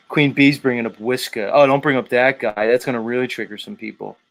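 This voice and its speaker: A man's voice: mid-range voice, fairly even intonation, moderate pace. Laughing, profane man hosting a livestream. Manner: laughing, profane, teasing chat. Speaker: livestream host. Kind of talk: casual livestream chat. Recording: guitar music playing behind. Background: guitar music.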